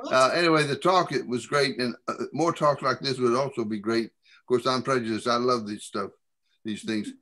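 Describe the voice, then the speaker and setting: An older man talks in a hesitant, self-deprecating way over a video call. He trips on his first words before finishing his thoughts. His pitch is ordinary and middling. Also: fairly even intonation, moderate pace, bright, forceful tone. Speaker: audience member.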